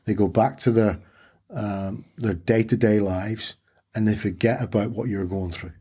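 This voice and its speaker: Yorkshire man, guest storyteller; husky, lowish voice, acts out dialogue. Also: fairly even intonation, a little slow, dark tone. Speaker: podcast guest. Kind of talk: personal storytelling interview.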